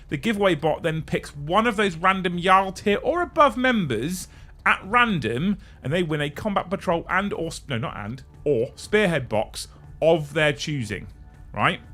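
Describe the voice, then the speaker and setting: A man hosting a casual livestream, chatting and joking with viewers while reading through lists. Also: a little high. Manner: animated, joking, reads off lists. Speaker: livestream host.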